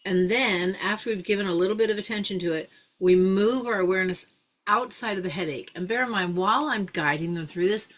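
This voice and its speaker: A woman teaching a mindfulness practice group in a casual, chatty way, full of fillers and restarts, sometimes slowing into a soft hypnotic guiding voice. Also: medium pitch. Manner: chatty, thinks aloud with many fillers and restarts; drops into a slow soft hypnotic voice for guidance.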